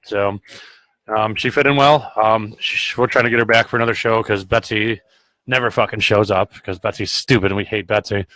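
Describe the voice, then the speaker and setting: A man's voice: lowish voice, steady tone, moderate pace, low-quality recording. A man hosting a podcast who tells stories in casual chat, swearing constantly and rambling bluntly. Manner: grows loud and heated when retelling arguments. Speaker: podcast host.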